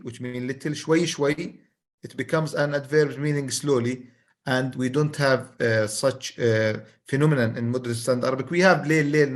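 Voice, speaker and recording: A man moderating an online academic seminar over a video call. He speaks politely and formally, uses titles, and hesitates with fillers. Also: medium pitch.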